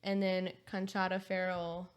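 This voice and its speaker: A woman with an American accent, co-hosting a podcast in casual chat, chatty and quick to laugh. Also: on the low side, level tone, clean tone. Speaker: podcast co-host.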